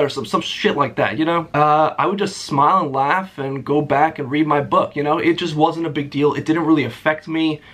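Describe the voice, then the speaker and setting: A man's voice: on the high side, a bit bright. A young man telling a work story as a casual, profane and sarcastic rant. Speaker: vlogger.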